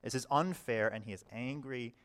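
A man preaching a sermon in a conversational way, often saying "all right" and swinging between quiet and loud passages. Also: medium pitch, normal speed. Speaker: pastor.

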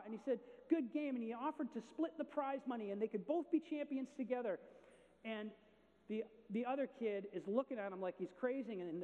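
Man, pastor, sermon, animated storytelling, dull lo-fi recording. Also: brisk. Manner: animated storytelling with big swings in pitch and volume. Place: church sanctuary. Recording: dull lo-fi sound with long hall reverb.

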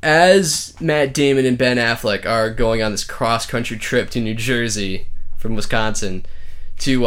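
A man's voice: medium pitch, fairly bright tone. Rambling, profane man on a podcast. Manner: profane, rambling, acts out movie lines. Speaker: podcast co-host. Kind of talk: casual chat, counting down movie scenes.

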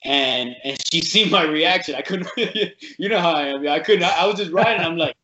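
A man's voice: on the high side, normal speed, echoey room, highs cut off, a little hiss or hum. Rambling profane man telling a story. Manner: rambling, profane, animated storytelling with quoted voices. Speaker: fight coach. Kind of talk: casual storytelling chat.

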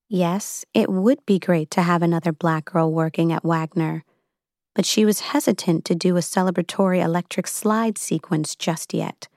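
This is scripted narration of a novel by a woman audiobook narrator, delivered with a wry, steady storytelling tone. She has a fairly low pitch, and the studio-quality audio carries no echo.

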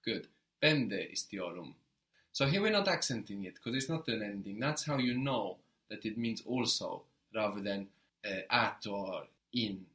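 A man teaching a one-on-one language lesson, explaining patiently and often checking with a quick question. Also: on the low side, fairly bright tone.

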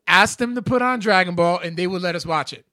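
A man in his thirties, co-hosting a podcast in a casual chat, telling excitable, slangy stories. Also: high-pitched, fast talker, no room sound, clean studio sound. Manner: animated storyteller, slangy and excitable. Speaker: podcast co-host.

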